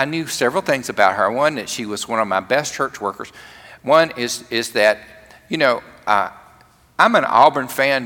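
A man with a medium-pitched, sharp-toned voice preaches a humorous, conversational sermon in a church sanctuary. He often restarts his sentences while telling a story, and the recording carries the long reverb of a large church.

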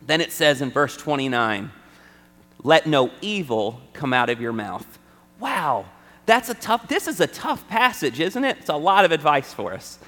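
A man with a fairly high, bright and forceful voice gives a chatty, conversational sermon, often asking his listeners "right?". His words ring out with a long reverb through a large church hall. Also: sing-song, unhurried. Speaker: preacher.

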